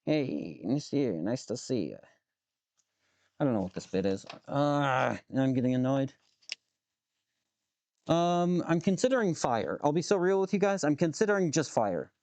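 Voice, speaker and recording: A man's voice: mid-range voice, very animated, measured pace, pauses often, darkish tone. A man live streaming as he works with his hands, muttering to himself, swearing freely and joking with his chat. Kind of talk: casual live-stream chat while working.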